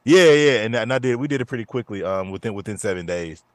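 A man in his thirties, co-hosting a podcast, telling a story in a lively, profane way and often repeating himself. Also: lowish voice, fast, no room sound, studio quality. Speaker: podcast co-host. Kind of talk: casual chat.

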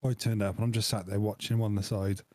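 A man's voice: fairly low pitch, level tone, fast talker, warm tone, no room sound. A man, co-hosting a podcast and telling stories with a laugh. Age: 40s. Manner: laughing, storytelling. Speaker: podcast co-host. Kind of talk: casual chat.

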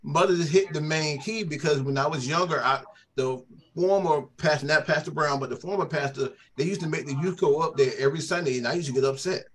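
A man's voice: a little high, fairly quick, a bit bright, breathy edge. A man who is a church elder, explaining scripture step by step in a Bible study discussion.

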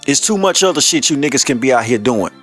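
A man's voice: medium pitch, expressive, fast, fairly bright tone, faint music behind. A man hosting a podcast, ranting blunt, profane commentary and laughing often. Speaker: podcast host.

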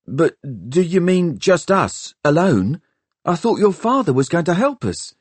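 A shy young apprentice engineer, as a male narrator puts him on, uncertain and hesitant. His voice sits somewhat higher than the narrator's own and moves with lively, unsure turns. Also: measured pace, breathy edge, dry recording, exaggerated voice.

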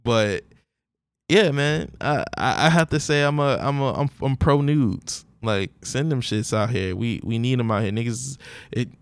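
A man with a New Orleans accent hosting a solo podcast in a relaxed, joking way, laughing often and drawing out his slang. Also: mid-range voice, a little slow, clear, resonant tone, no echo. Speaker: podcast host. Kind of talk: casual solo podcast monologue.

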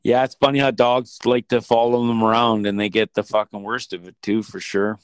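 A man's voice: lowish voice, flat delivery, a little fast, clean tone, no room sound. A man from Manitoba hosting a casual chat, laid-back and chatty, swearing freely. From Manitoba, Canada.

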